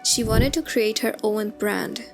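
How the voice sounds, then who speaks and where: A woman reads a scripted commentary voice-over, explaining things in an easy, conversational manner. Her voice sits fairly high, and soft background music plays beneath her. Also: measured pace, gravelly. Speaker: commentary narrator. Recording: music bed underneath.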